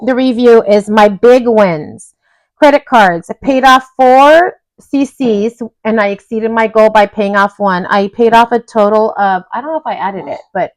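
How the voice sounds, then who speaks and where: A woman's voice: a little high, no room sound, low-quality recording. A woman in a casual budgeting vlog, reviewing her own goals at home in a chatty, apologetic way with frequent restarts. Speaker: budgeting vlogger. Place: home room with dogs nearby.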